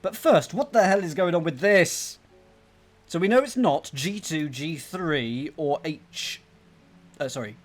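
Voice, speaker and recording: A man commentating his own playthrough, thinking aloud and reading out text from the screen. His voice sits a little high and swings widely in pitch as he puzzles things out. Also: expressive, measured pace. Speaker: gaming channel host. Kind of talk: let's play commentary.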